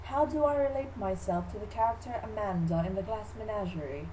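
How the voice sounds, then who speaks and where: A woman's voice: medium pitch, a little fast, mellow, slight background noise, lightly acted, rough recording. A teenage girl voicing a vain, snobbish Southern belle mother in a school project skit, in a prim, affected voice. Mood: haughty. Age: teens.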